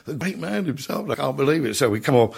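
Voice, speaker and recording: A man's voice: mid-range voice, animated, fast talker, creaky, darkish tone, breathy edge. An older man, an entertainer, telling comic backstage anecdotes in a chatty way, full of "you know" asides. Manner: chatty, peppered with "you know", laughs at his own tales.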